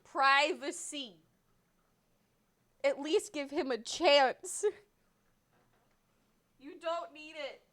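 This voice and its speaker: A woman's voice: high-pitched, extremely slow, long pauses, a bit bright, dry recording. A woman streamer fussing over her two cats, then greeting her chat in a casual livestream.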